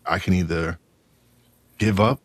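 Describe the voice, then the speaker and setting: A man hosting a podcast, talking in a halting way and repeating his words as he tells his story. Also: sits low, fairly even intonation, slightly rough, no room sound. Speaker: podcast host. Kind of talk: casual interview chat.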